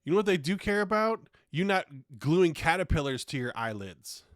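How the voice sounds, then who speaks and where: A podcast host with a high-ish, sing-song voice launches into a profane comedic rant at normal speed, swearing heavily and bursting out in exasperation. The audio is studio quality with no room sound.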